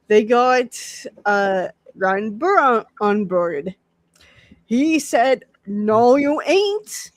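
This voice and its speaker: Podcast host, man, unhurried and halting, dry close sound. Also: high-pitched, lively intonation, no room sound. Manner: halting, many fillers and restarts. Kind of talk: casual chat.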